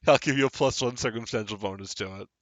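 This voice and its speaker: A man's voice: medium pitch, fast, fairly bright tone, no echo. A man running a tabletop game as game master, narrating and ruling with a playful manner, often laughing.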